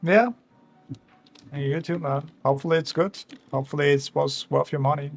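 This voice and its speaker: Over soft background music, a young Austrian art streamer with an Austrian German accent chats while drawing, rambling and chuckling at chat. His voice is a little high and steady, moderately paced, gravelly with a breathy edge.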